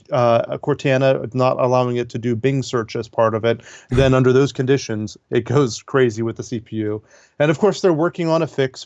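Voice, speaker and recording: A male tech guest with an average-pitched voice who explains things casually and slips in dry, sarcastic asides. His voice comes through a dull, muffled line with no room sound. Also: a little mellow, no echo. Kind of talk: casual interview.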